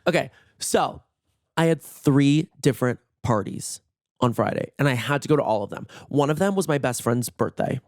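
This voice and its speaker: A man hosting a podcast with a worn-out, hoarse voice, telling stories in a gossipy, animated way and swearing freely. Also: medium pitch, normal speed, no echo, clean studio sound. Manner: gossipy, animated, swears often, acts out quotes. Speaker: podcast host. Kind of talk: casual solo storytelling. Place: in bed at home.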